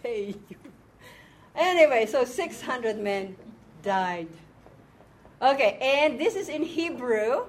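A woman with a slightly high voice teaches scripture and Hebrew words to a small group, animated and patient. She speaks slowly, stopping often to make sure everyone follows. A faint hum of noise sits behind her. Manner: animated, explains step by step with frequent checks. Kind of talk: informal Bible lesson to a small group.

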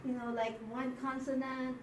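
A woman teaching a Hebrew class in a classroom, slow and patient, often checking that her students follow. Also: high-pitched, little pitch movement. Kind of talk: classroom lecture. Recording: echoey room from far off, faint noise.

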